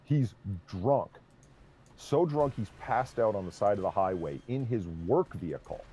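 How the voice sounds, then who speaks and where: A man streaming a game, chatting casually and telling an animated story, swearing freely. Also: lowish voice, measured pace, a little hiss or hum. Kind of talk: casual chat while gaming.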